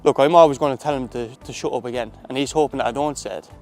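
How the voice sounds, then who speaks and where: Chatty Irish footballer telling stories. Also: male voice, medium pitch, fast, a little mellow, faint music behind. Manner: chatty, full of "like" fillers and restarts. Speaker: footballer, guest. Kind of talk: casual storytelling interview.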